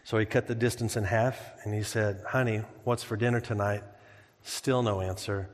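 A man's voice: lowish voice, steady tone, moderate pace. A man preaching a sermon in a church, conversational and humorous, telling stories and jokes as he explains scripture. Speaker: pastor. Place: church sanctuary. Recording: long hall reverb.

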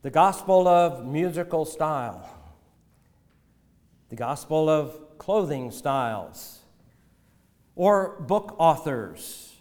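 A man preaching a sermon as pastor, measured and deliberate, often asking rhetorical questions. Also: fairly high pitch, expressive, darkish tone, long reverb tail.

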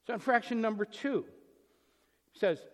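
Male pastor with a high voice giving an emphatic sermon, acting out the voices in the text; big echoing hall sound. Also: a little slow. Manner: emphatic, rhetorical questions, acts out the voices in the text. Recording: long reverb in a large hall.

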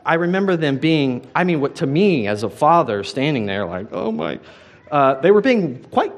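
A man's voice: a little high, very animated, moderate pace. A man, a pastor, preaching a sermon in a conversational way, often turning to ask his congregation questions.

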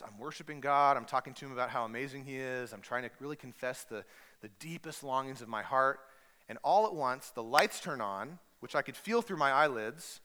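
A male pastor tells a story in his sermon, playfully acting out the people in it. His voice is bright and forceful. The sound carries a long church-hall reverb. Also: on the high side. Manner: storytelling, animated, acts out voices with humor.

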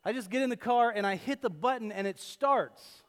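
Pastor preaching in a reverberant hall. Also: male voice, extremely high pitch, moderate pace. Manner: lively storytelling, swings from loud to hushed. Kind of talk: sermon. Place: church sanctuary.

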